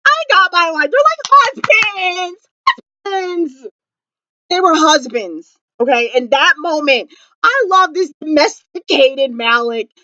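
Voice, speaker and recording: A young woman talks excitedly to camera, reviewing a TV episode like a devoted fan. Her high, bright voice swings wildly up and down as she gushes, full of fillers and dramatic outbursts. The sound is dry and a bit dull, a lo-fi home recording. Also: unhurried, no echo. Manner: gushing, dramatic, lots of "like" and fillers. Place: indoors at home.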